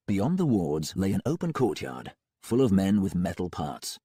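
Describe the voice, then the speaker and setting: Husky low-voiced male audiobook narrator. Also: sing-song, moderate pace, dark tone, dry recording, clean studio sound. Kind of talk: first-person audiobook narration.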